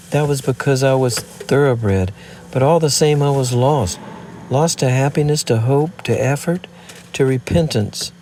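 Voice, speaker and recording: A man's voice: mid-range voice, darkish tone, a little hiss or hum, voice pushed up, natural voice. A man reading aloud, voicing a proud, remorseful fallen woman in an impassioned, declamatory way.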